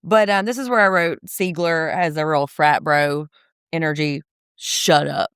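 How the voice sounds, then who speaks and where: A woman co-hosting a casual recap chat, animated and wry, giving blunt opinions. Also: low-pitched, moderate pace, clear, resonant tone, no echo, clean studio sound. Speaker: podcast co-host.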